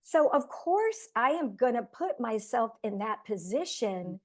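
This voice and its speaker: A woman on a team coaching call over a video link, passing on her own tips. She talks earnestly and is quick to laugh at herself. Her voice sits a little higher than most women's. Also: very animated. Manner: earnest, self-deprecating. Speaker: team member sharing tips.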